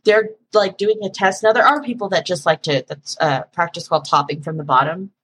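A woman guest on a podcast, telling stories in a lively, joking way and acting out the people she talks to. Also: lowish voice, fairly quick, a little hiss or hum. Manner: animated storyteller, acts out callers, laughs often. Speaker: podcast guest, phone sex operator. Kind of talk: casual podcast conversation.

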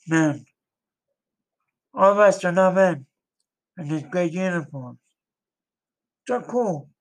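A man's voice: sits high, slow. A man in an amateur solo role-play as a soldier, talking in loose, rambling, earnest phrases.

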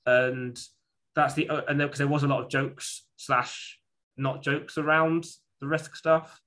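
Man, bright tense tone, casual chat co-host, rambling anecdote delivery with restarts. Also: medium pitch, fairly even intonation, a little slow. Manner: rambling storytelling with many restarts and fillers. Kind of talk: casual conversation.

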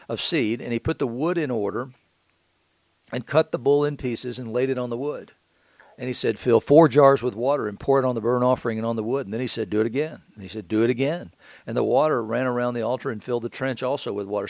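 A man's voice: medium pitch, vocal fry, a little mellow, no room sound. A man reading scripture aloud and breaking into casual commentary with rhetorical questions, as a preacher.

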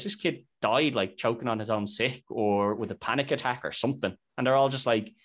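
A man's voice: medium pitch, lively intonation, a little fast, fairly bright tone. A man hosting a podcast, chatting casually about a film and retelling scenes with quoted lines. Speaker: podcast host. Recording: dull lo-fi podcast audio.

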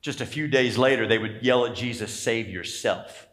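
Speaking briskly at medium pitch with fairly even intonation, a male pastor gives an emphatic sermon in a church sanctuary. He asks the congregation for amens and builds up to shouting.

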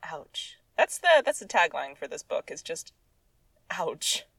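A woman's voice: deep voice, big pitch swings, slow, breathy edge, no echo, poor audio. Woman sarcastically reading her old story. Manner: sarcastic, exasperated asides with laughs. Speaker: reader of her own childhood story. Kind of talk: comedic reading with commentary.

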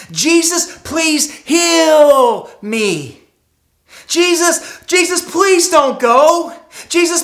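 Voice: extremely high pitch, sharp tone, reverberant, voice pushed up, full character voice. A preacher acting out a desperate blind male beggar, crying out and pleading over and over for mercy. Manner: pleading, repeated cries.

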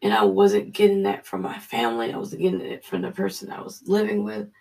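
A Bible study leader reads scripture and shares a personal testimony in an earnest, halting way, sometimes sinking to a hush. The voice is medium-pitched, expressive and gravelly, and sits far from the mic.

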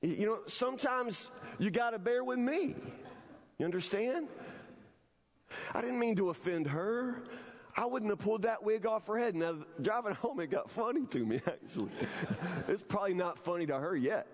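High-voiced male pastor in an echoing hall. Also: lively intonation, normal speed. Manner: storytelling, repeats phrases, asks the room "you understand?". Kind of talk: sermon with personal story. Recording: long hall reverb.

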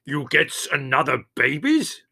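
A man voicing a gruff, blustering man who speaks loud broken English and scolds with drawn-out words. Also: mid-range voice, sing-song, voice pushed up, exaggerated voice. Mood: scolding.

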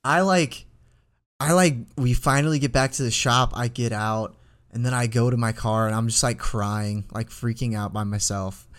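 A man's voice: mid-range voice, moderate pace. A young man in his twenties, co-hosting a podcast and telling a rambling story full of fillers in casual chat. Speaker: podcast co-host.

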